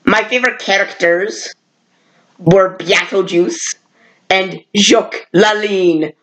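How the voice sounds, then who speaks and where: A woman vlogger reviewing old cartoons in a casual, rambling way, correcting herself often and jumping up in pitch when she exclaims. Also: slow pace, fairly bright tone, low-quality recording. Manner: rambling, with frequent self-corrections.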